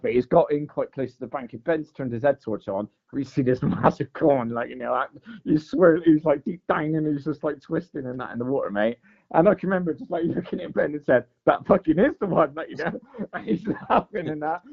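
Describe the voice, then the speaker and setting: A man telling a long fishing story in casual chat, full of "mate" and "like". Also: fairly high pitch. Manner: animated storyteller, says "mate" and "like" a lot. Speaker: podcast guest. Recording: dull lo-fi podcast audio.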